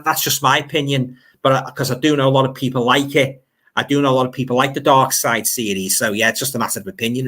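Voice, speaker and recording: A bright, forward-sounding man with a Liverpool accent, chatting loosely on a livestream. He rambles and repeats words as he replies to viewer comments, keeping an easygoing, conversational flow. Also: medium pitch. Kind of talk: casual livestream chat.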